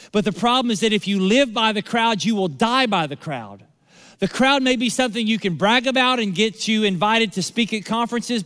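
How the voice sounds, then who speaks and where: Male pastor, high voice, preaching with repetition and pauses, long hall reverb. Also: a bit bright, smooth. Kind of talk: sermon.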